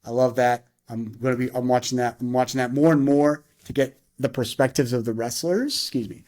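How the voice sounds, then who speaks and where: A man talks through a wrestling review in a relaxed, rambling way, often restarting his sentences and drifting into asides. His pitch sits in an ordinary middle range. He snaps into quick bursts of move-by-move calls. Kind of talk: casual wrestling review with play-by-play.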